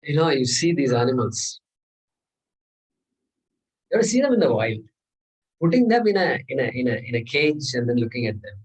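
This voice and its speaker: A man's voice: medium pitch, sing-song, normal speed, pauses often, husky, distant mic, poor audio. A man teaching a scripture class, talking through verses with rhetorical questions and chanted Sanskrit. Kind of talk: lecture on scripture.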